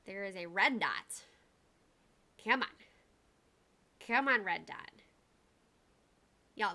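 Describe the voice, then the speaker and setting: Bright chatty woman streamer. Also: medium pitch. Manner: chatty and rambling, greets viewers by name; uses y'all and like often. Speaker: livestream host. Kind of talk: casual livestream chat.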